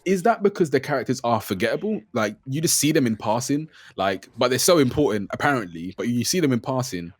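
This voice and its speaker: A man's voice: mid-range voice, animated, fast, few pauses, dry recording. A man co-hosting a game podcast, chatting casually and guiding the discussion.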